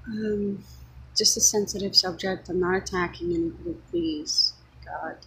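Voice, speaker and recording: A woman's voice: medium pitch, unhurried, vocal fry, bright, forceful tone, slight background noise, poor audio. A woman giving an earnest, unscripted spiritual monologue, speaking her thoughts as they come to her. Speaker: vlogger sharing spiritual reflections.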